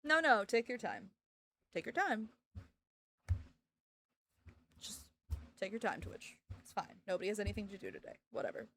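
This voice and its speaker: A woman's voice: medium pitch, lively intonation, brisk, a bit bright, slight background noise. A young woman streaming and chatting casually, ranting sarcastically and laughing often. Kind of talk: casual livestream chat.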